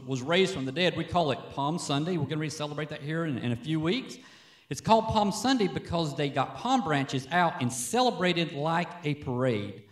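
A man preaching to a congregation in an easy, conversational way, tossing out "Amen?" as he goes. His voice sits somewhat high and moves with lively swings in pitch. He is picked up from some distance in a roomy, echoing church. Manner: conversational preaching, frequent "Amen?" call-outs. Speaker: worship leader. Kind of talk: sermon. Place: church sanctuary.

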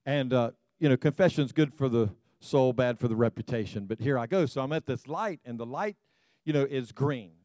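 A man's voice: medium pitch, normal speed, darkish tone, dry recording, studio quality. A middle-aged man preaching a sermon to his congregation, telling stories with self-deprecating humor and speaking to them directly. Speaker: pastor.

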